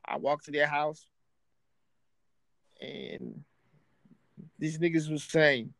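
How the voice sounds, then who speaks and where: A man hosting a podcast, telling a story casually in streetwise slang, animated, raising his voice for quoted friends. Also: a little high, takes it slowly, long pauses, no room sound, rough recording. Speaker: podcast host.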